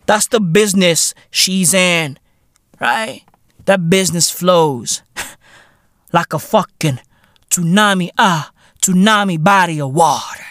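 A South African man hosting a podcast, ranting alone and swearing heavily. He slips local slang and Sesotho phrases into his English and swings from low mutters to loud shouts. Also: takes it slowly, pauses often, no room sound, clean studio sound. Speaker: podcast host. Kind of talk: solo profane rant.

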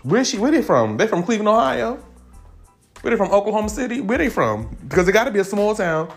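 A man giving casual celebrity gossip commentary, animated and profane, leaping up in pitch for emphasis. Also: quick pace, soft background music. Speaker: commentary vlogger.

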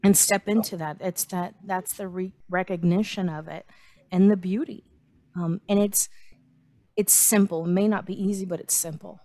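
A woman hosts a casual chat, talking in an encouraging way and acting out the inner voices she describes. Her voice sits at a middle pitch, recorded close and dry with no room around it. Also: steady tone, moderate pace, dark tone, dry recording. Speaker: host.

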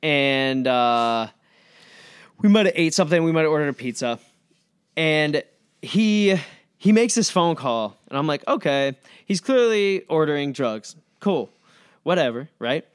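Smooth-voiced man telling a rambling story. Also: fairly high pitch, unhurried. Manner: rambling, animated, with many fillers and restarts. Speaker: podcast guest, record label founder. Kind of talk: casual storytelling.

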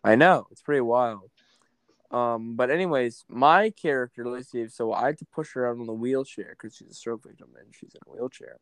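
A man's voice: mid-range voice, normal speed, dry recording. A man who acts on stage, chatting casually and teasing bluntly with a dry tone. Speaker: stage actor and podcast guest. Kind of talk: casual chat.

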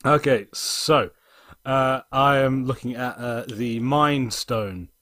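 A man co-hosting a casual podcast, improvising a comic story with many pauses and fillers. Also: medium pitch, pushed and bright, dry recording, clean studio sound. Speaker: podcast co-host.

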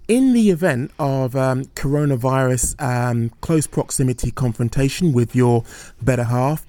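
A man's voice: mid-range voice, normal speed, mellow, dry recording. A man hosting a podcast, talking earnestly with many restarts and fillers. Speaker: podcast host. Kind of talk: casual podcast chat.

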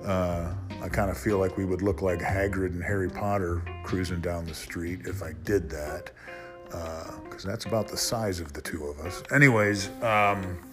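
Man, lowish voice, casual podcast host, rambling, blunt, cusses, soft guitar music behind. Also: steady tone, moderate pace. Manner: rambling, frank, swears when worked up. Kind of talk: casual solo podcast monologue.

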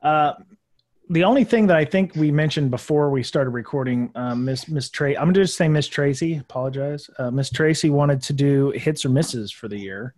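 Guy hosting a chill podcast call, kinda high voice, lots of ums. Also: normal speed, darkish tone. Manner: easygoing, hesitant with many ums. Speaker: podcast host. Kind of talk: casual group chat over video call.

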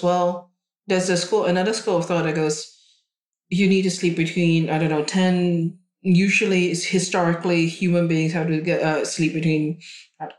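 A woman, co-hosting a casual podcast as a chiropractor, chatty and often repeating her co-host's words. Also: fairly low pitch. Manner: chatty, echoes the co-host's words, many restarts. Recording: roomy echo.

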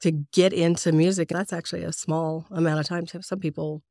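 Female host, low-pitched, encouraging casual interviewer, dry mic. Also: level tone, a little fast, warm tone, no room sound. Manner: encouraging, laughs often. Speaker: podcast host.

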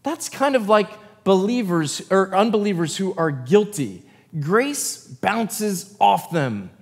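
A man's voice: high-pitched, sing-song, slow, slightly rough, long reverb tail. A man preaching a sermon as pastor. He reads scripture aloud and then breaks into loose, conversational asides. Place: church sanctuary.

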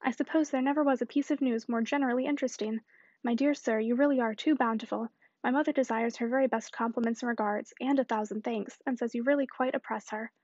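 A woman's voice: a little high, fairly even intonation, quick pace, darkish tone, no room sound, muffled recording, natural voice. A woman reading the part of a talkative spinster, effusive and rambling on in run-on chatter. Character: talkative middle-aged spinster, breathless and effusive.

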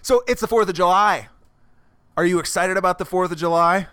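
A man's voice: high-pitched, brisk, pushed and bright, clean tone. A young adult man hosting a podcast in casual comedic banter, playful and teasing, often slipping into silly voices. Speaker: podcast host.

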